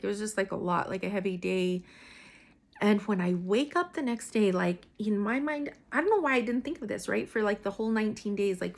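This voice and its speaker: A young adult woman telling a personal story in a casual, candid way, full of fillers and restarts. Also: mid-range voice.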